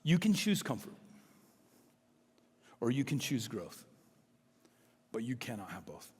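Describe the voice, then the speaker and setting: A middle-aged man preaching a sermon as a pastor, telling stories in an animated way and acting out the dialogue. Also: medium pitch, unhurried, husky, in a large hall.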